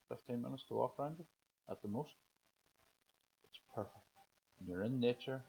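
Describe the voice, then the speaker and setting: Man, lowish voice, casual spiritual card reader; calm, coaxing, leads slow breathing. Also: gravelly, slightly rough, low-quality recording. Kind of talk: live oracle card guidance, casual talk.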